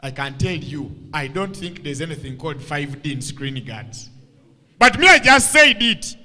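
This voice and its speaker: A man's voice: on the high side, normal speed, long reverb tail. A man, giving a comic storytelling talk from a stage microphone. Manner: animated, playful storyteller. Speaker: motivational speaker.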